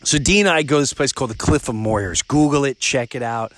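Male podcast host, casual storyteller, lively and repetitive delivery. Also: brisk, no echo. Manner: animated, with big jumps up in pitch when excited; repeats himself and restarts mid-sentence.

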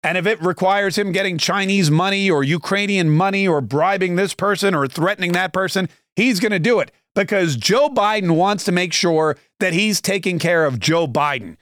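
A man's voice: high voice, normal speed, hardly any pauses, a bit bright, no room sound, clean studio sound. A man hosting a podcast, delivering a sarcastic, emphatic political commentary monologue. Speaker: podcast host.

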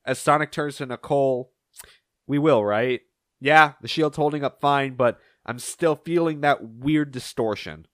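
A young man hosting a podcast, recapping comic issues and acting out the characters' lines in quick shifting voices. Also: dry recording, studio quality. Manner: animated, acts out characters' lines in shifting pitch. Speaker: podcast host.

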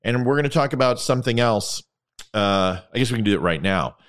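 A man's voice: medium pitch, lively intonation, brisk, fairly bright tone. A man hosting his own show in a casual monologue. He rambles and gets sarcastic. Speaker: podcast host.

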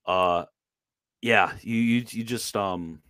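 A man's voice: on the low side, slow, fairly bright tone, smooth, dry recording, clean studio sound. A man from Maryland with a Maryland accent, hosting a casual livestream chat in a rambling, laid-back way full of fillers. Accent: Maryland American. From Maryland, USA. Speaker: show host.

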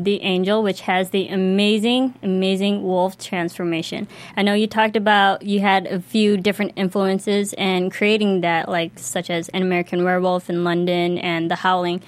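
A woman's voice: medium pitch, fairly even intonation, normal speed. Enthusiastic woman interviewer. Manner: enthusiastic, fan-like. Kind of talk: interview questions.

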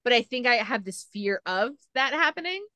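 A woman hosting a podcast in casual chat, talking with lots of fillers and animated retelling. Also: a little high, normal speed, dry recording. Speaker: podcast host.

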